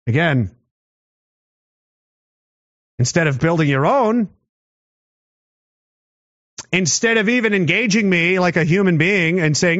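A man's voice: animated, a little slow, pauses often, a bit bright, no echo. Combative ranting man, dull dry sound. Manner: combative, sarcastic, swings from low mutter to raised voice. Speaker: commentary show host. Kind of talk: ranting monologue to camera.

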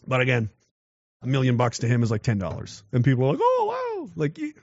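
A man talking casually and giving his opinion, swinging into loud mocking voices. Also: mid-range voice, fast, dry recording, dull audio. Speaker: commentator.

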